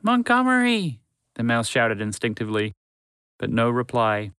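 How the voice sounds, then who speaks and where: A man's voice: mid-range voice, expressive, moderate pace, a bit bright, no echo. Man narrating a children's story.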